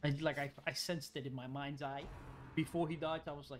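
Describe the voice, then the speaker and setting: A man giving casual let's-play commentary, excitable, exclaiming and cursing at the game. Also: fairly high pitch, fairly quick, slight background noise. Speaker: gaming video host.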